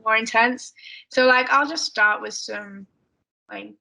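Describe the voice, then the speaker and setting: A woman's voice: a little high, unhurried, creaky, bright, forceful tone, low-quality recording. A young woman with an English accent, chatting casually as a podcast guest, mumbly with lots of fillers. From England. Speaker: guest athlete.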